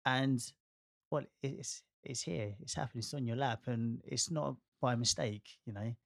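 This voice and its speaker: A man's voice: mid-range voice, unhurried, creaky, fairly bright tone, no room sound, studio quality. A man chatting as a friend and co-host, speaking encouragingly and supportively. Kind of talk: casual podcast conversation.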